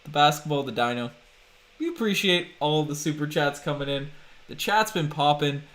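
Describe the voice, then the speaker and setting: A man hosting a livestreamed podcast in casual chat, chatty and quick to laugh as he thanks viewers and hypes the channel. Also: on the high side, animated, fairly bright tone. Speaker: podcast host.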